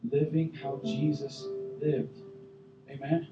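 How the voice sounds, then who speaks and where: A man preaching a sermon as a youth pastor, animated, bursting into loud acted-out voices. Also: mid-range voice, takes it slowly, muffled recording, over music. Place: church sanctuary. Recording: echoey room, voice from far off the mic.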